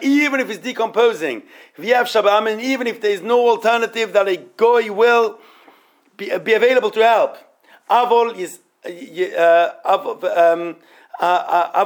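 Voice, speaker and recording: Halting man teaching a Torah class. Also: high voice. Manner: halting, repeats words and restarts phrases. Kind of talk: informal religious study class.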